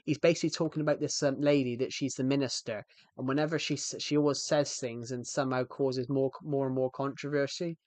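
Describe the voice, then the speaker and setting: A man's voice: mid-range voice, steady tone, a little fast, a little mellow, dry recording. A man chatting on a live stream in a rambling, jokey way, often restarting his sentences. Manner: rambling, self-interrupting, jokey. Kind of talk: casual live-stream chat.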